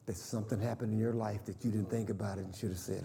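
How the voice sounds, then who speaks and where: A man preaching a sermon in a lively, colloquial way, calling out to his congregation. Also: lowish voice, fast talker, vocal fry, few pauses, crowd noise. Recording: echoey hall reverb.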